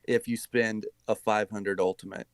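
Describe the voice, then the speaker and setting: A man guesting on a casual gaming podcast, chiming in with jokes and quick game numbers. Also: fairly low pitch, level tone, gravelly, no echo.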